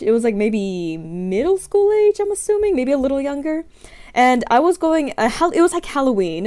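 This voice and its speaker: A young adult woman streams from her room, her voice on the high side with a darkish tone. She chats casually through scenario questions, rambling, giggling, and poking fun at herself.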